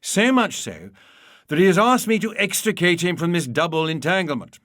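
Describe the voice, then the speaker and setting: A man reading a humorous memoir aloud in a wry, measured storytelling manner. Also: high voice, sing-song, fairly bright tone, no echo, clean studio sound. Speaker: narrator. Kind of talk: audiobook reading.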